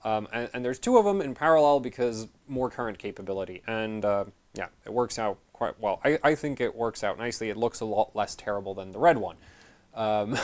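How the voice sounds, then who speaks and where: Male tech host, mid pitch, loose rambling delivery full of fillers and restarts, dry sarcasm. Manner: rambling, self-correcting, many fillers. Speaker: channel host. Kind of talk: casual technical explainer.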